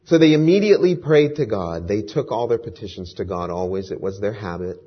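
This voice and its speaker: A man's voice: fairly low pitch, expressive, a little fast, breathy edge, dull audio. A male pastor praying and then telling a story earnestly during a sermon.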